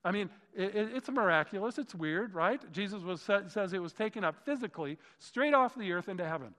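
A man's voice: sits high, animated, fairly quick, a bit bright. A man preaching a sermon as a pastor, enthusiastic and often exclaiming in wonder. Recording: long reverb of a large hall.

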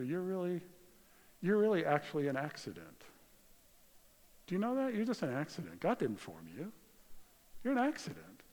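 A man voicing a deceiving spirit in a sermon, in a hushed, insinuating, mocking way. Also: on the high side, in a large hall, natural voice. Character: sly deceiving spirit whispering lies.

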